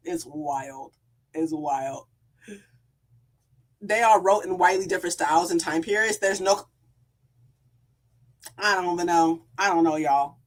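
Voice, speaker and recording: A woman's voice: lowish voice, measured pace, long pauses. A woman book vlogger ranting in a casual storytime, reading out comments and answering them with sarcasm, heavy swearing and frequent laughter. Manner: heated, sarcastic, swears a lot, laughs often; reads out comments in a flat voice.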